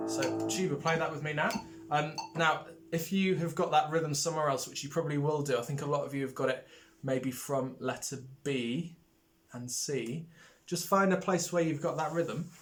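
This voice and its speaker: A man teaching brass players in a recorded lesson, friendly and hesitant, with many ums, singing rhythms out as "da". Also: mid-range voice. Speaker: music teacher.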